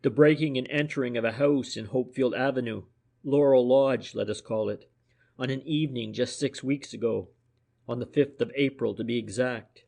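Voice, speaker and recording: A man voicing a furtive, civil private detective in an audiobook, with a deferential, insinuating manner and a medium-pitched voice. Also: steady tone, normal speed, a little mellow, lightly acted. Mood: businesslike.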